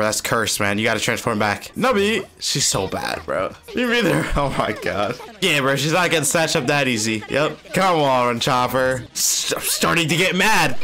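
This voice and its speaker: A man hosting an anime reaction video, talking in excitable, slangy bursts full of exclamations. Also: medium pitch. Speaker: anime reaction channel host. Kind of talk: live anime reaction commentary.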